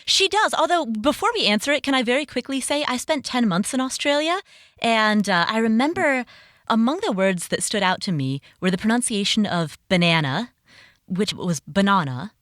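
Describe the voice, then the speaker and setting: A woman hosting a podcast in a casual chat, playful and quick to laugh. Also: on the high side, expressive, fairly bright tone, no room sound, studio quality. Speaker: podcast host.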